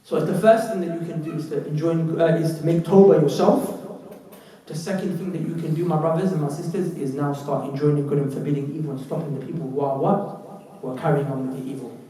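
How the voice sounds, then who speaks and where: A young man preaching a sermon, animated, acting out quotes and rising to shouts. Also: a little high, a little fast. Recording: echoey hall, far from the mic.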